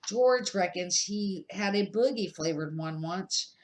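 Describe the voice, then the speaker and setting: A woman's voice: medium pitch, slow, close to an everyday voice. Older lady reading as an easygoing eleven-year-old wizard boy, chatty, plain everyday voice, storybook read-aloud. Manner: casual, chatty reading with small slips.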